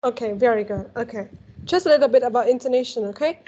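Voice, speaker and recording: A woman's voice: a little high, fast talker, warm tone, highs cut off. A woman with a Vietnamese accent teaching a one-on-one English lesson, patient and encouraging, often saying "very good" and modeling pronunciation.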